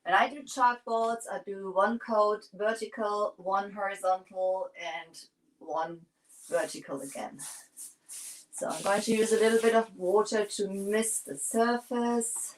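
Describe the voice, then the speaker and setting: A woman's voice: medium pitch, fairly even intonation, measured pace, slight background noise, rough recording. A woman hosting a livestream, chatting casually and rambling with many fillers while she paints furniture.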